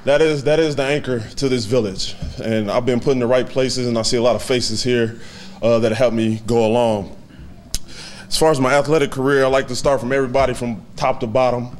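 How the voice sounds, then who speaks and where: A man in his thirties giving a heartfelt, halting acceptance speech at a hall of fame banquet, fighting back tears and laughing softly. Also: medium pitch, fairly even intonation, slight background noise.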